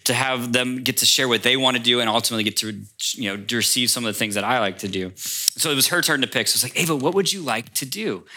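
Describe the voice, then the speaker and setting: A man, a pastor, preaching a sermon to his congregation as a lively storyteller who speaks straight to the room. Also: medium pitch. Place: church before a congregation.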